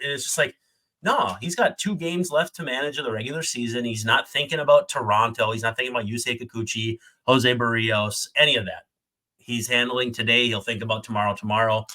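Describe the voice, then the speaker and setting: A man co-hosting a sports podcast in casual chat, with a bright, forceful voice. He is joking and enthusiastic, running through details in a chatty way. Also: medium pitch, brisk. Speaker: podcast co-host.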